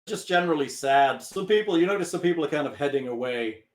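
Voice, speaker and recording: A man's voice: on the high side, quick pace, roomy sound. A man running a tabletop game as game master, narrating and laughing a lot. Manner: animated, laughs often.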